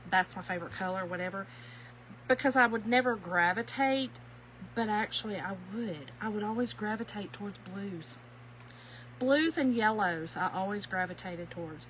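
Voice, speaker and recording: A woman with a Kentucky drawl talks viewers through a craft project. She says y'all a lot and laughs easily. Her voice is bright, sits at an ordinary pitch, and has a faint hum behind it. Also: low-quality recording. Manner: folksy, warm-hearted chatter, often says y'all, laughs easily. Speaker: craft live-stream host. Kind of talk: chatty craft tutorial, reading viewer comments.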